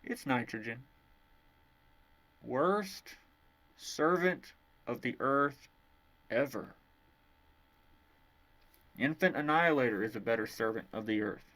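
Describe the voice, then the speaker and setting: A man's voice: medium pitch, expressive, slow, pauses often, fairly bright tone. A man giving a ranting book review, profane and sarcastic.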